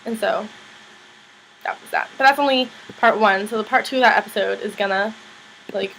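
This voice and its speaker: At normal speed and with a slightly bright voice, a young woman casually walks through a TV episode in her vlog, chatty and full of "like," mimicking characters' lines in higher voices. It's a rough recording with slight background noise.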